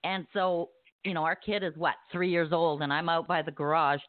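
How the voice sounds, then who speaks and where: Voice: mid-range voice, fairly even intonation, moderate pace, no room sound. Chatty host on a tinny phone line. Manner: chatty, laughing storyteller. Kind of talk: casual call-in chat.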